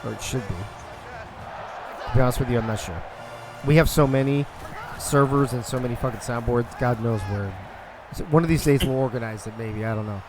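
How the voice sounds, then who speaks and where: A man's voice: mid-range voice, normal speed, faint music behind. A young man calling a football video game live on a stream, loose and profane, talking to his chat between plays.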